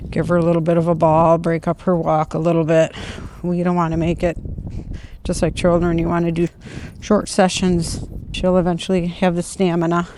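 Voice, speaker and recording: A middle-aged woman walking outdoors, calmly explaining how she trains her puppy and breaking into high, sing-song praise calls to the dog. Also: slight background noise. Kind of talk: casual training vlog narration. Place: outdoors on a neighborhood walk.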